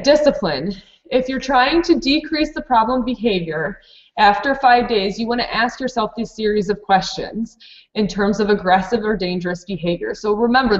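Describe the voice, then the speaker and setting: A woman's voice: medium pitch, echoey room, lo-fi sound. Woman leading a teacher-training webinar. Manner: practical, explanatory, with frequent fillers and restarts. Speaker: preschool program director presenting a training webinar. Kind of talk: live online teacher training talk.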